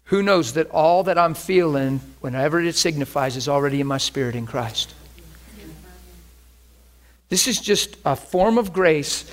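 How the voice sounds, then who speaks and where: A man preaching a sermon, telling a personal testimony in an animated way, often laughing as he speaks. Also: a little high, moderate pace, long pauses. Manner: animated, laughing testimony with sudden shifts between hushed and excited. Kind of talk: sermon storytelling.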